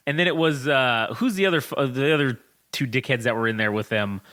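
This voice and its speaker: A man co-hosting a casual podcast chat, telling stories in an animated, profane way. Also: mid-range voice, fast. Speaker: podcast co-host.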